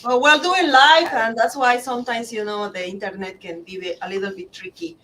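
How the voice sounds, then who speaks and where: A woman co-hosting a live-streamed show over a video call, chatty and warm, with frequent laughs and fillers. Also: a little high, fairly even intonation, moderate pace, a little hiss or hum, low-quality recording. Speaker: executive producer and co-host. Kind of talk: casual live chat.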